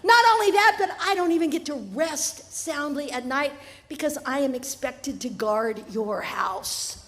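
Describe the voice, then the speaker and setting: A woman's voice: high voice, a little slow. A woman voicing a fed-up male dog who mocks his master with sarcastic complaints. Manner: sarcastic, laughing, exasperated. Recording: live festival tent with long reverb.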